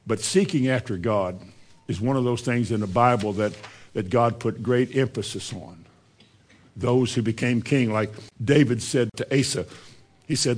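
A man preaching a sermon, asking his listeners questions and moving between loud, raised lines and quiet, hushed ones. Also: medium pitch, normal speed, long pauses.

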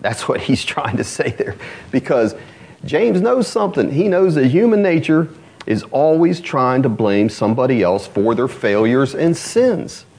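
A man, the pastor, preaching a sermon in an animated, conversational way, often asking the congregation rhetorical questions. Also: mid-range voice, a little slow.

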